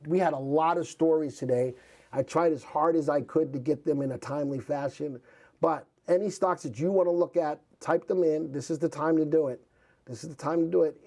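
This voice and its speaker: A man's voice: a little high, warm tone. A male host giving live, chatty commentary on stock charts and reading out viewers' ticker requests. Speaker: market news host.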